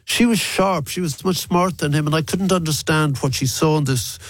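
A man's voice: fairly high pitch, moderate pace, no room sound. An older Irish man with a South Dublin accent, a musician answering interview questions in a rambling, reflective way with many restarts. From Ireland. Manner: gravelly, rambling with restarts and fillers. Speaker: musician guest.

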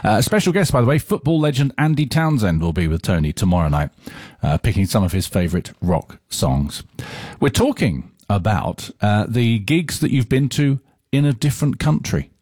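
Male rock station presenter, chatty studio delivery, animated and expressive pitch. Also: normal speed, breathy edge, dry recording. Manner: chatty, animated, reads messages aloud with asides. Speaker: radio DJ. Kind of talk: rock radio presenting, reading listener messages. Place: radio studio. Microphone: studio microphone.

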